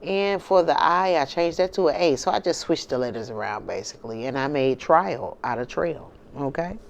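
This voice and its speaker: A woman's voice: low-pitched, animated, moderate pace, vocal fry, slight background noise. A woman from the United States hosting her own channel, talking casually and emphatically to her viewers and often checking in with "okay?" and "you know". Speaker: channel host.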